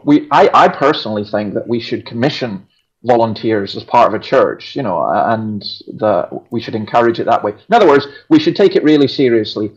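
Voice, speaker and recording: A man's voice: medium pitch, highs cut off. A man with a Scottish accent, a pastor, talking emphatically and with strong opinions in a casual chat. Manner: emphatic, opinionated, self-deprecating humor.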